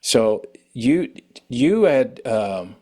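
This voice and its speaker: Male host, mid-pitched voice, friendly and encouraging, conversational questions. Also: big pitch swings, drawn-out words, a little mellow. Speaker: interview host. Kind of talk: casual interview chat.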